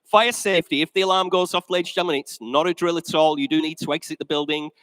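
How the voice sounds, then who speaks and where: Fast and fairly even in intonation, this man's fairly high voice belongs to an auctioneer kicking off a live sale in a big indoor sale room. Slightly breathless, he jokes and chats with the "ladies and gentlemen" present, captured in a dry, poor-quality recording.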